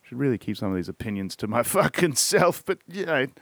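An Australian man talks on his own podcast in a loose, rambling way, swearing in nearly every sentence and shrugging off his own points. His voice sits at an ordinary middle pitch. The sound is dry and close, with no room around it. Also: big pitch swings, fairly quick, a bit bright, dry recording. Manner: rambling, swears constantly, trails off with "I don't know". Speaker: podcast host. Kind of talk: casual solo podcast monologue.

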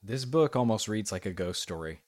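A man co-hosting a casual podcast, talking earnestly and often pausing with fillers and restarts. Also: on the low side, lively intonation, a little mellow, no echo, studio quality. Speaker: podcast co-host.

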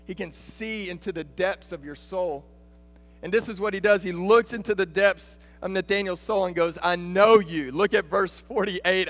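A man with a Texan accent preaching a lively sermon as a guest speaker, talking to the congregation and calling out to them. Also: high voice, big-room sound. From Texas. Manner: animated, rising to emphatic calls. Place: church sanctuary.

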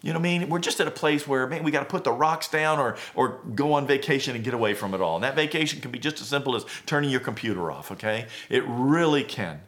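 Male pastor, middle pitch, conversational and self-searching sermon delivery. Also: quick pace, hardly any pauses, fairly bright tone. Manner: conversational, earnest, self-questioning, with many fillers and restarts.

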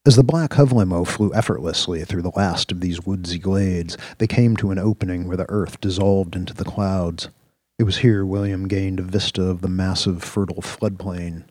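Very deep, husky male narrator. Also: darkish tone, no room sound. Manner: measured, descriptive storytelling. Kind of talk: scripted audio-drama narration.

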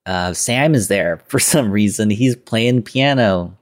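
Male podcast host, slightly low-pitched, rambling casual recap. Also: takes it slowly. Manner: loose retelling with quoted lines and filler words.

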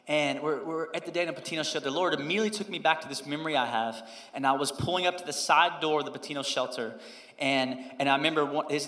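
Bright-voiced pastor in an echoing hall. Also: male voice, medium pitch. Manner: personal storytelling, swings from loud emphasis to hushed quoted prayer. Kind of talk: sermon. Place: church sanctuary. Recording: roomy hall reverb.

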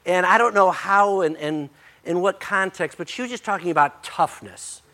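Older male pastor, high-pitched, slightly hoarse. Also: moderate pace. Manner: folksy, joking, energetic. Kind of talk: sermon.

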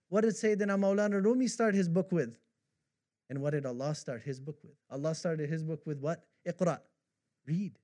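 A man's voice: fairly high pitch, warm tone. A man preaching a devotional sermon, reciting poetry with fervor and repeating himself as the feeling builds. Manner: impassioned, rising to fervent recitation of poetry.

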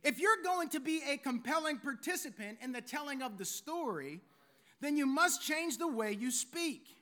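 A man's voice: very high voice, lively intonation, normal speed, pushed and bright. A man preaching a sermon as pastor, with a theatrical delivery from his years on stage. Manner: theatrical, former stage performer.

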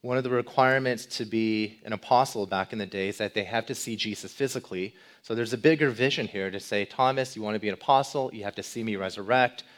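A male pastor giving a sermon, asking rhetorical questions and moving between loud emphasis and quiet, low passages. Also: fast, hardly any pauses. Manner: animated, swings between loud emphasis and soft low delivery.

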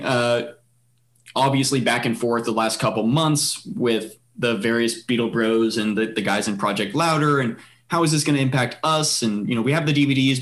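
A man hosting a casual podcast chat, rambling with many fillers and restarts. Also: medium pitch. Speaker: podcast host.

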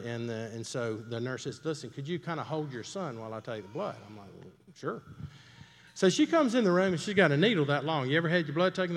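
Brief: middle-aged man, folksy storytelling preacher, slightly high, animated voice, echoing church hall. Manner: folksy, conversational, asks the crowd questions. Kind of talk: storytelling sermon. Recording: long hall reverb.

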